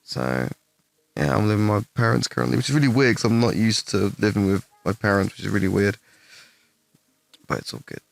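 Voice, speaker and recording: A young English man answering chat questions on a stream in casual, rambling talk, swearing freely and putting himself down, with a fairly deep voice. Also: animated, a little fast, creaky, pauses often, dry recording. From England. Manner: rambling, swears a lot, self-deprecating.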